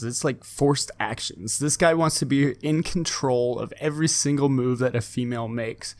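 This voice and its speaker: A man's voice: mid-range voice, no room sound. Emphatic man with a dry, close sound. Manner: emphatic, repetitive, with many restarts. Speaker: fitness channel host. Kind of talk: opinion commentary to camera.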